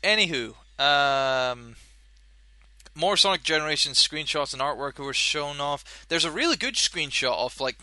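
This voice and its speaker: Bright-voiced man rambling on a podcast. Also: a little high, measured pace, dry recording. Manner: rambling, animated, swears casually, laughs at his own jokes. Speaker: podcast host. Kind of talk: casual solo podcast chat.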